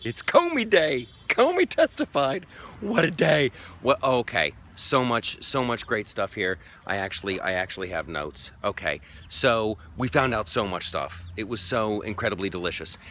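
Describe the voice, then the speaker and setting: A man hosting a comedic vlog, ranting sarcastically and mockingly to camera with excitable outbursts. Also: fairly low pitch, normal speed, slight background noise. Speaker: vlogger host. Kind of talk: comedic political rant to camera.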